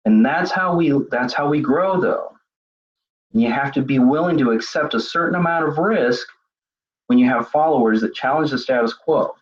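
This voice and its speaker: A middle-aged man gives a webinar lecture, talking it through casually and often restarting his phrases. His voice is husky and mid-pitched. The recording is dull and lo-fi. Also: moderate pace. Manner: conversational, repeats words while thinking. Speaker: webinar presenter. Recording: dull lo-fi web seminar audio.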